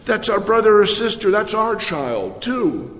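A priest with a high, sing-song, slightly bright voice preaches a sermon in a church with echoey hall reverb. He often halts and restarts his words but tells stories with dramatic swings.

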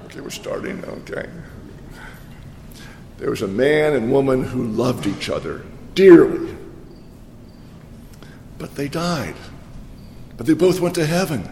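A man preaching a sermon in a church, telling jokes and voicing the people in them with lively delivery. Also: medium pitch, measured pace, vocal fry, pauses often, a little hiss or hum. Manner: jokey storyteller, voices the jokes, lively preaching. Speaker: pastor. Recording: echoey hall reverb.

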